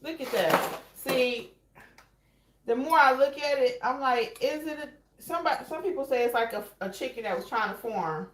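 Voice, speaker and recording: A woman's voice: high voice, normal speed, a little hiss or hum. Chatty woman vlogging in a roomy kitchen. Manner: chatty, addresses viewers as y'all. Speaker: cooking vlog host. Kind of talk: casual cooking demo chat. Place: home kitchen.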